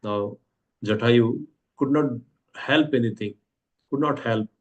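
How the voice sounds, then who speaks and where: A man's voice: mid-range voice, slow pace, lo-fi sound. An Indian-accented man teaching a scripture class, retelling the story and asking "what happens" again and again with frequent hesitant fillers. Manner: repeats rhetorical questions, hesitant fillers.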